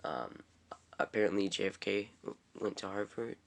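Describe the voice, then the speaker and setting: A man's voice: fairly low pitch, lively intonation, normal speed, vocal fry. A young man casually recapping a TV episode, rambling and full of "um"s. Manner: rambling, filler-heavy, offhand. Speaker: TV episode reviewer.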